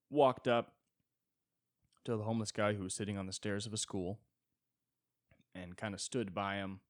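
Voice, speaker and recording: A man's voice: low-pitched, no room sound, studio quality. A man hosting a solo podcast and riffing comedically, rambling with frequent "you know" fillers. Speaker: podcast host.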